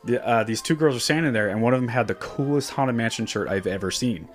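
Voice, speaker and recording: A chatty man hosting a podcast, rambling easily from one aside to the next at a middling pitch. Faint music plays quietly behind his voice. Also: fast talker. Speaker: podcast host. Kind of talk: casual chat.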